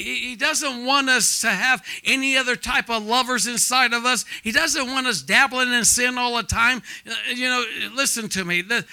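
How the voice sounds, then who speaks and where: Male preacher; high, forceful delivery, call-and-response sermon. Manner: drops quiet and hushed when telling his testimony. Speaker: pastor.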